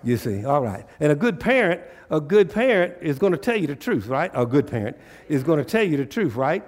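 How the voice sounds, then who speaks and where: A man's voice: a little high, sing-song, a little fast, big-room sound. A man preaching a sermon in a church, asking rhetorical questions and drawing call-and-response, in casual dialect. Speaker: pastor.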